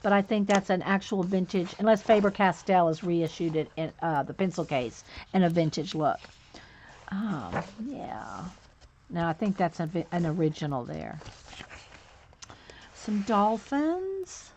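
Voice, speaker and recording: A woman's voice: fairly low pitch, expressive, a little slow, a little mellow, a little hiss or hum. A woman hosting a casual livestream, chatting and greeting viewers by name one after another, with a slight lilt. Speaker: livestream host. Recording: dull lo-fi stream audio.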